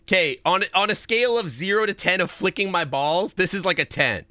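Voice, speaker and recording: A man's voice: high-pitched, expressive, brisk, bright, forceful tone, no room sound, clean studio sound. A man streaming a puzzle game live, thinking aloud and swearing in frustration. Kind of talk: live gameplay commentary.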